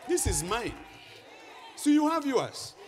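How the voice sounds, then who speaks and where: A man's voice: extremely high pitch, big pitch swings, takes it slowly, a faint crowd. A man preaching a sermon to a congregation, reading scripture and breaking into sing-song emphasis. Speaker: pastor. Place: church hall. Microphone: handheld microphone. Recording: echoing hall reverb.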